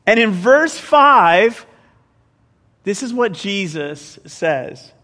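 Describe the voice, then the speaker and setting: A man preaching a sermon in an animated, conversational way, mixing scripture with joking asides. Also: sits high, drawn-out words, in a large hall. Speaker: pastor.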